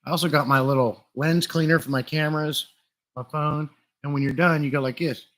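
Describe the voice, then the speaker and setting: A man's voice: on the high side, fairly quick. Chatty man on a live stream. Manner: chatty, relaxed, greets viewers by name. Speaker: livestream host. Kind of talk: casual live-stream chat. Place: room full of glass fish tanks. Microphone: desktop USB condenser mic.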